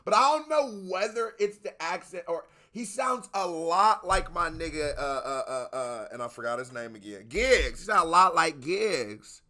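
An American man in casual commentary as a reaction video host, animated and loose with swearing. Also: medium pitch, moderate pace, hardly any pauses. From United States. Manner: animated, swearing, talks over the track.

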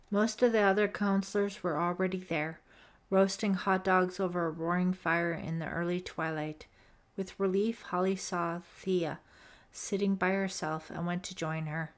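A woman narrating a teen horror audiobook in a measured, suspenseful reading. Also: lowish voice. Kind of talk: scripted narration.

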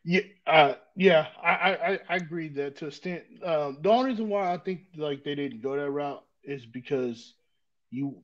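A man's voice: on the high side, moderate pace, highs cut off. A man co-hosting a casual wrestling chat, building his points step by step as he explains.

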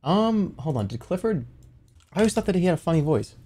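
A man's voice: high voice, a little fast. A man streaming casually, arguing playfully with his chat. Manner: argumentative, animated banter with chat. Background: faint music.

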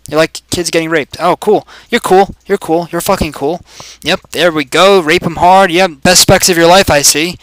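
A man in his twenties giving crude, profane commentary over his gameplay, yelling greetings at other players. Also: fairly high pitch, fairly even intonation, moderate pace, dry recording. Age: 20s.

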